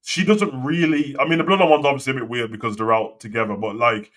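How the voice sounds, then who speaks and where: Young lad, sharp bright tone, live wrestling rant host, heavy swearing and slang. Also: male voice, medium pitch, steady tone, quick pace. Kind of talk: casual live commentary and rant.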